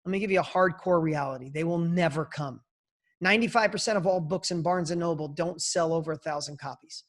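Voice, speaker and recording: A man's voice: on the high side, fairly quick. A man in his fifties, a podcast guest, telling a motivational story in an emphatic, punchy way, speaking in bursts.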